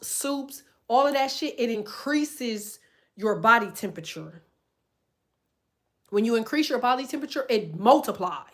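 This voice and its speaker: Woman ranting to her viewers, cussing a lot, voice jumps all over, kinda high. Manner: profane, animated, conspiratorial. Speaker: content creator. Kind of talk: casual rant to camera.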